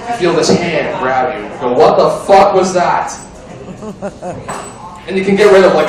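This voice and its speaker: A man's voice: a little high, heavy reverb. A young man doing an amateur stand-up set in a bar, crude and rambling, chatting with the crowd, recorded from far off. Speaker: stand-up comedian. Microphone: far camera. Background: crowd chatter and laughter.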